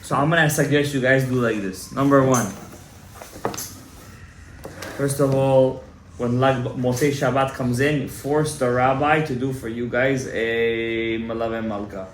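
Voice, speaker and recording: A man giving a Torah class to a small audience, emphatic and exhorting, often rising to loud, fervent urging. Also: mid-range voice, steady tone, normal speed. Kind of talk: animated Torah lecture to a live audience. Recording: echoey room, faint room noise.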